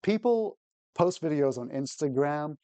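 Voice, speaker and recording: An American man hosting a relaxed interview, somewhat higher-voiced than most men, with a mellow, dark tone. He thinks aloud and restarts often. The voice sounds dry and close, with little room sound. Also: a little slow, clean tone, no echo. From United States. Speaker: host and English teacher. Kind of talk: casual interview chat.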